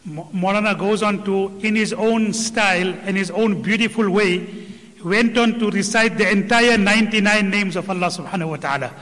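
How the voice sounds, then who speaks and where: A man with a high voice gives a reverent religious commentary, reciting verses between his explanations. A long hall reverb trails behind his words. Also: normal speed, a bit bright. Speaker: Islamic speaker summarizing a lecture.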